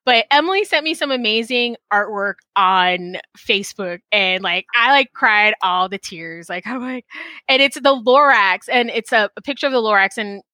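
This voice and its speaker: A woman hosting a podcast in casual chat, animated and full of fillers, acting out her own quotes, speaking into a headset mic. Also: mid-range voice, normal speed, no room sound. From Texas. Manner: chatty, animated, many fillers and acted-out quotes. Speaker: podcast host. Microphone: call center headset.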